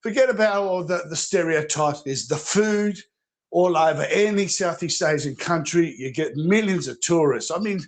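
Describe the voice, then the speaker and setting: Australian man, high-pitched, loose rambling talker on a live panel. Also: moderate pace. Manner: rambling, laughs often, restarts a lot. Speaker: panel guest. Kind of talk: casual chat.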